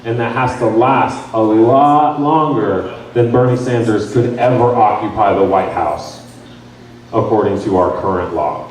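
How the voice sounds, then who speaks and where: Young guy giving an animated jokey talk in a bar, super echoey room, mic far off. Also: fairly low pitch, measured pace, a little hiss or hum. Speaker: campaign volunteer trainer. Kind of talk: casual training talk to a crowd. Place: bar lounge.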